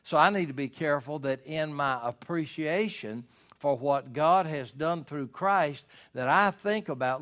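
A man's voice: fairly high pitch, unhurried, fairly bright tone. A man preaching a sermon as pastor, earnest and pleading, his voice climbing when he voices prayers.

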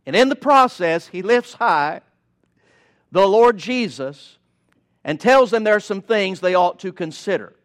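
A man's voice: sits high, expressive, a little slow. A male preacher delivering a sermon in an emphatic, rhythmic cadence with touches of folksy humor.

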